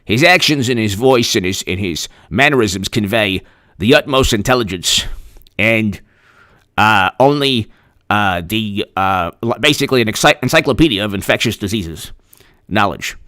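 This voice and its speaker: Bright-voiced man doing sarcastic political commentary. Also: on the low side, lively intonation, moderate pace. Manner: sarcastic, rambling, with frequent restarts. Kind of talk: live-streamed political commentary, reading news and thanking chat.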